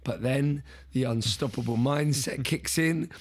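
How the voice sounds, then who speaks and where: A man's voice: mid-range voice, unhurried, slightly rough. A young man, a podcast guest, telling an earnest story in conversation, often restarting and repeating words.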